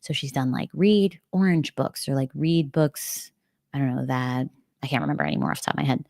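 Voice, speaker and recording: A woman's voice: rumbling low, lively intonation, fairly quick, vocal fry, a little mellow, no echo, clean studio sound. A young American woman hosting a casual livestream, chatty and bubbly, filling her talk with "like" and little laughs. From United States. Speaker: livestream host. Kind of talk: casual live-stream chat.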